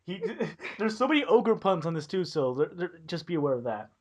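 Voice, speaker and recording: A man's voice: on the high side, very animated, brisk. Giggly young man with a bouncy voice. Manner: reads crude internet stories aloud, breaking into giggles. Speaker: podcast co-host. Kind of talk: casual group chat over a voice call.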